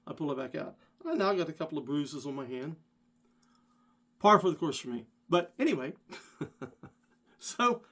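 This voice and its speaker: A man vlogger casually telling a rambling story, animated and self-deprecating. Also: on the high side.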